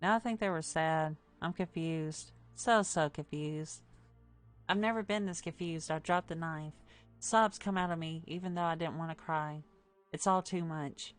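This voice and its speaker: A woman with a slightly low voice reads a story game aloud on stream. She narrates plainly and steadily, with faint music under her. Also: measured pace. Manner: plain storytelling read, with wry asides.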